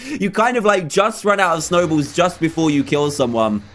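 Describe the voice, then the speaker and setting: An excitable man calls his game as he plays it, talking in a high voice. He repeats his phrases and laughs often, speaking as a gaming video host. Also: moderate pace, a little hiss or hum. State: out of breath. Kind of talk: excited gameplay commentary.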